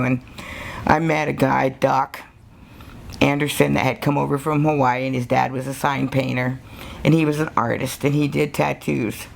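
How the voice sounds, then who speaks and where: Low gravelly older American woman. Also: slight background noise. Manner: animated, laughing storyteller who acts out quotes. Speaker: tattoo artist. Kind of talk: storytelling interview.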